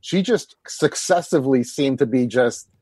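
Husky, hesitant man in casual chat. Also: mid-range voice, moderate pace, a little mellow, dry recording. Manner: hesitant, searching for words, laughs often.

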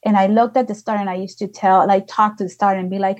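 A woman's voice: mid-range voice, fairly even intonation, fast, few pauses, a little mellow, dull audio. Chatty woman guest telling stories. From outside the United States. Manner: chatty, frequent "like" fillers. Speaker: guest, spiritual healer and channeler. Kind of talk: casual conversational storytelling.

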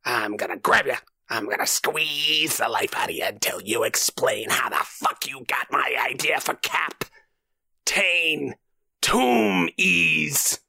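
A man putting on a furious male movie star who shouts crude threats. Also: mid-range voice, expressive, takes it slowly, creaky, husky, dry recording, studio quality, heavily acted. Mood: enraged.

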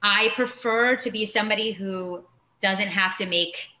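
A woman with a bright, forceful voice talks candidly in a casual podcast chat. Her sentences ramble and are full of "like.". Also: medium pitch, a little slow, low-quality recording. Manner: candid, rambling, frequent "like" fillers. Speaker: podcast guest.

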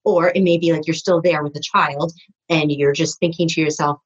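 Woman, low voice, husky, rambling guest talk, dull lo-fi sound. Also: steady tone, a little fast. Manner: rambling, with many restarts and fillers. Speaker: podcast guest. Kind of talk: conversational interview.

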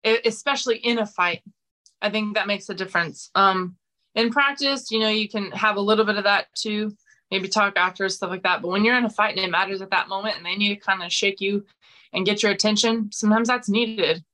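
A woman's voice: medium pitch, steady tone, fairly quick, pushed and bright. A woman in her forties, a guest fighter talking frankly in a casual interview, with many fillers and restarts. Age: 40s.

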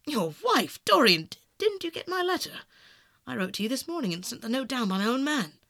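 A man reading aloud, voicing a worldly, cynical older male aristocrat who speaks smoothly and persuasively, in a dry, close sound. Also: very high-pitched, expressive, fast, fairly bright tone, no room sound, full character voice. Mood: incredulous. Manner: smooth, epigrammatic, coolly persuasive. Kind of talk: audiobook narration.

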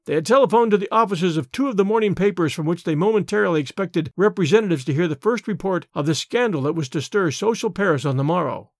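High-voiced male audiobook narrator. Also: expressive, quick pace, few pauses, dry recording, clean studio sound. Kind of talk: scripted narration.

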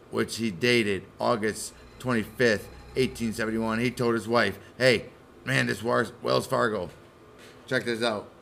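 A man with a gravelly, fry-laced voice and a bright, forceful edge tells history the casual way, swearing freely as he goes. A faint hiss of background noise sits under the recording. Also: mid-range voice. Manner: loose, profane storytelling, acts out the people in the story. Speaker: podcast co-host. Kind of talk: casual profane history chat.

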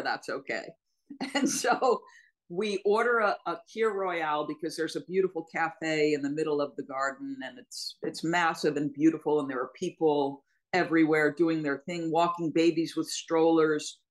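A woman's voice: sits low, low-quality recording. A woman sports broadcaster telling a travel story in casual podcast chat, emphatic and laughing often. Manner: storytelling, warm laughs between lines, emphatic.

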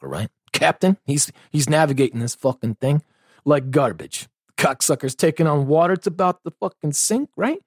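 A man's voice: a little high, slightly rough, dry recording, studio quality. A man hosting a podcast in an angry, sarcastic and heavily profane comedic rant, full of rambling asides. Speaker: podcast host.

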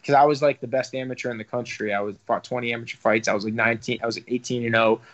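A man's voice: mid-range voice, fairly even intonation, rapid-fire, a bit bright. A young man, a professional fighter talking casually in an interview, rambling with lots of fillers and some swearing. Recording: slightly dull lo-fi audio.

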